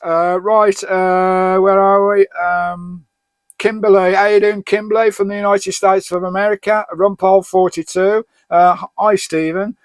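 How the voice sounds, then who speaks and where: A man's voice: sits high, little pitch movement, measured pace, dry recording. A middle-aged man from Birmingham with an English accent, answering viewer questions in a chatty, rambling and jokey way. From Birmingham, England. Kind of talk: casual chat.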